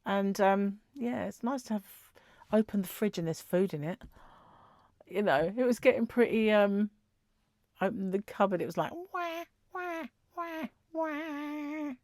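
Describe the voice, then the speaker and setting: A woman's voice: mid-range voice, normal speed, pauses often, a little mellow, dry recording. A middle-aged woman chatting casually as a crochet vlogger, rambling and giggling as she tells stories. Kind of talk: casual chat.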